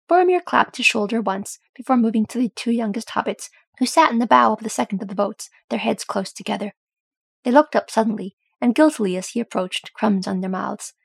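A woman narrating a fantasy audiobook in an even, steady storytelling voice. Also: mid-range voice, brisk, gravelly, husky, dry recording. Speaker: audiobook reader. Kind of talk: fan fiction audiobook narration.

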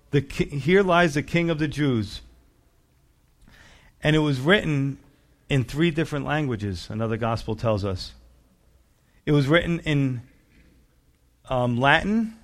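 A man preaching a sermon, reading scripture aloud and acting out the voices of the people in it with emphatic, rising questions. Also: a little high. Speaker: pastor.

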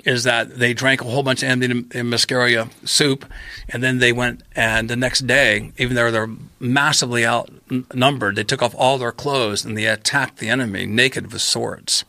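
A man guest on a podcast telling a long story in casual chat, acting out his own past lines with lively quoted voices. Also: medium pitch, normal speed, gravelly, no room sound.

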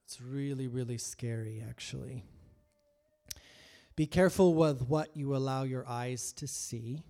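A man's voice: medium pitch, measured pace. Preaching man with swings in volume. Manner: acts out voices of biblical figures, swings from hushed to loud. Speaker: pastor. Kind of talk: sermon.

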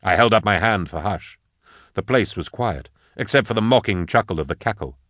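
A man reading a dark first-person fantasy story aloud in a measured, grave storytelling manner. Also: on the low side, animated, no echo, studio quality. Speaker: narrator. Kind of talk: audiobook narration of dark fantasy fiction.

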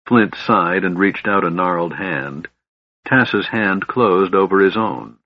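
Slow husky male audiobook narrator. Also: low voice, no echo. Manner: measured, solemn reading. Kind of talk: scripted fantasy audiobook narration. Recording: slightly dull, dry recording.

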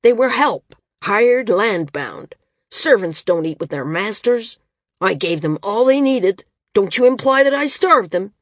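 A woman's voice: medium pitch, animated, measured pace, dry recording, studio quality, voice pushed up. A woman voicing a small, arrogant male flyer who snaps and sneers, in an audiobook. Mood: defensive, snapping. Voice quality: snapping, sneering delivery.

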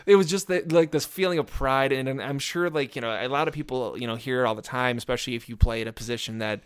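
A man's voice: mid-range voice, quick pace, clear, resonant tone. A man telling a long story in casual chat, laughing often and acting out what others said. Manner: laughing, animated storyteller who acts out quotes.

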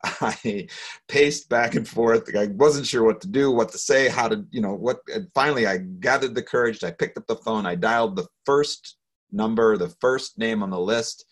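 A man's voice: lowish voice, moderate pace. A middle-aged man recounting a personal story in an interview, earnest and hesitant, over a video call. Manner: earnest, hesitant, with restarts and soft laughs. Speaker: guest speaker.

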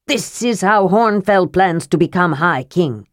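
A woman's voice: fairly low pitch, animated, unhurried, no room sound, studio quality. A woman voicing Raelgar, a sly scheming dwarf lord. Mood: triumphant. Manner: smooth, sneering, accusing. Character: scheming male dwarf ruler, sly villain.

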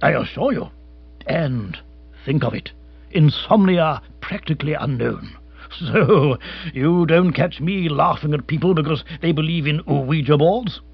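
A man's voice: a little high, expressive, a little slow, gravelly, breathy edge, dull audio, heavily acted. A man reading an audiobook, voicing a hearty middle-aged ex-colonial hunter who talks in a blustering, clipped, gallant way.

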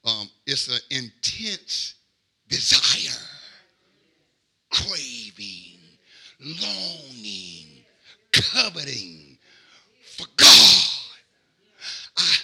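A man preaching a sermon as pastor. He repeats phrases and swings from quiet asides to shouted, drawn-out lines. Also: mid-range voice, sing-song, vocal fry, husky. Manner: call-and-response, repeats phrases.

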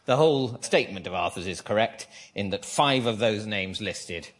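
A man's voice: on the low side, animated, moderate pace. A man hosting a radio panel game, with a dry, wry delivery and frequent chuckles. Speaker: quiz show host.

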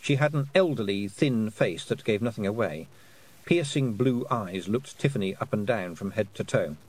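A man narrating a storybook in an expressive reading voice. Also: lowish voice, normal speed, poor audio. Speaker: audiobook narrator. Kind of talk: scripted narration.

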